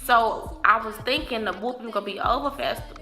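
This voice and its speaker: A young woman vlogger telling a casual storytime, animated and slangy, cursing freely. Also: a little high, brisk, faint music behind.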